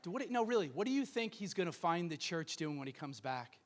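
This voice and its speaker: A man preaching a sermon as pastor of a church, emphatic and building to shouted peaks. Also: a little high, very animated, fairly quick. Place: church sanctuary.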